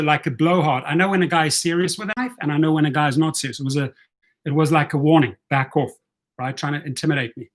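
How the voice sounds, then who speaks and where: A man in his fifties hosts his own channel and tells a tense personal story straight to the camera. His voice sits a little higher than most men's. He talks bluntly and animatedly, swearing freely as he goes. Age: 50s. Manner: animated, profane, blunt retelling of a confrontation. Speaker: rideshare channel host. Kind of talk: casual story-telling vlog.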